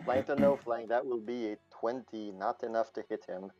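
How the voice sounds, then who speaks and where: A man's voice: medium pitch, normal speed, lo-fi sound, music in the background. A man narrating as game master of a tabletop role-playing game, playful and laughing often.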